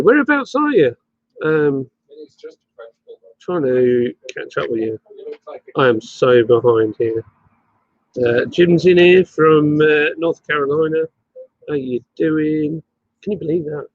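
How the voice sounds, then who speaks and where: Chatty man hosting a lively live stream. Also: a little high, slow, long pauses, dry recording, highs cut off. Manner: rambling, chatty, fillers, greets viewers. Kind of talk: casual live-stream chat. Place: bottle shop bar.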